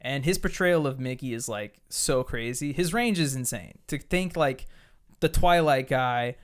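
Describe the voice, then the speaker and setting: A man's voice: mid-range voice, measured pace. A man hosting a casual podcast chat, rambling and enthusiastic, full of fillers and swearing. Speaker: podcast host.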